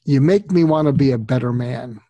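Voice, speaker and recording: Man impersonating a curmudgeonly film actor, gruff drawl, husky edge. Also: mid-range voice, moderate pace, warm tone, dry recording, dull audio, close to an everyday voice. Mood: earnest.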